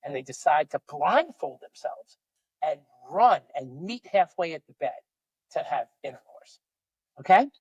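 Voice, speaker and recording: A man's voice: fairly high pitch, very animated, unhurried, breathy edge, no echo, highs cut off. A man co-hosting a podcast, joking around and telling a long story joke in playful banter. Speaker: podcast co-host.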